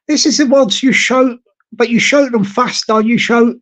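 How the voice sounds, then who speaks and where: A man's voice: very high-pitched, normal speed. A man hosting a casual chat to his viewers, rambling, repeating words and hunting for the right ones, with frequent chuckles. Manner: chuckles often, jokingly mimics shouted lines. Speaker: YouTube channel host. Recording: dull lo-fi audio.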